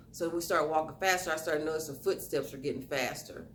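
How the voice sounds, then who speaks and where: A woman's voice: deep voice, quick pace, hardly any pauses, a little hiss or hum. A young woman vlogger telling a story to her viewers in a casual way, acting out what people said. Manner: animated storytelling, acting out quoted lines.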